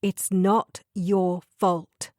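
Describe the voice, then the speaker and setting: A woman's voice: on the low side, little pitch movement, extremely slow, dark tone, no echo, clean studio sound. A woman voicing a clipped, shaken woman. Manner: clipped, then breaking into sobs. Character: distressed young woman fighting a craving.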